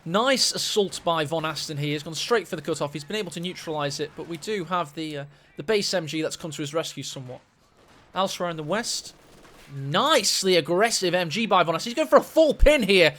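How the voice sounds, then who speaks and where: A man casting a strategy game match, excitable and quick to gasp at big plays. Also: a little high. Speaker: esports caster. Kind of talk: live game commentary.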